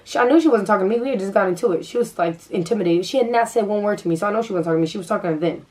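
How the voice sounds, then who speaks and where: A woman's voice: medium pitch, rapid-fire, a little mellow, distant mic, low-quality recording. A young woman vlogger telling a story in casual chat, full of fillers and restarts.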